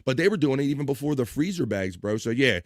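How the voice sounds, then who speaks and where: Guy hosting a livestream, reading chat out loud and joking, dry close mic. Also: mid-range voice, animated, fast talker, no echo. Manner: reads chat messages aloud in bursts of voices, laughs and jokes loosely. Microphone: desk microphone.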